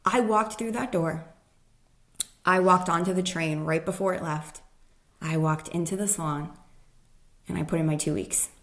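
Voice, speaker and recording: A woman's voice: lowish voice, normal speed, long pauses, fairly bright tone. A woman guest, a human design expert, telling a personal story in casual conversation and acting out the people she quotes.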